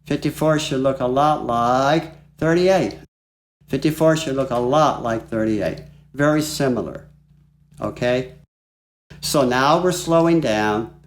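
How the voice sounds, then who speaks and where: A man teaching flute in a relaxed, chatty way, walking through a piece and singing phrases aloud. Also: medium pitch, takes it slowly. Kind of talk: music lesson. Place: home studio.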